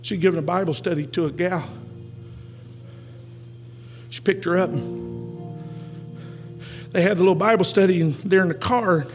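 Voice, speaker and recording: Male Pentecostal preacher, very high voice, shouts and sings his peaks, long hall reverb, faint music. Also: normal speed, long pauses. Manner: shouts and half-sings climactic lines, drops low for stories. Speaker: pastor. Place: church camp meeting hall.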